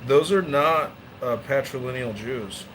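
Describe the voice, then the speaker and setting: A man's voice: a little slow, heavy background noise. A man hosting a casual podcast chat, rambling through stories and opinions. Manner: rambling storyteller with bursts of high-pitched mimicry. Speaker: podcast host.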